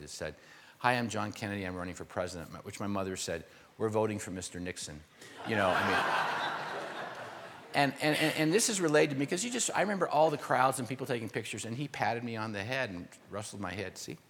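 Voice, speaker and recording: Older male pastor, low voice, long reverb. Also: a bit bright, slight background noise. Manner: informal teaching, explaining word meanings with asides to the congregation. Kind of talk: conversational verse-by-verse sermon.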